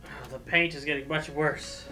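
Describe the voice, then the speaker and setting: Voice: mid-range voice, fairly even intonation, normal speed, bright, forceful tone, faint music behind. A gaming streamer giving jumpy, joking commentary on a horror game. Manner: jumpy, exclaiming, joking at the screen. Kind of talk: let's play commentary.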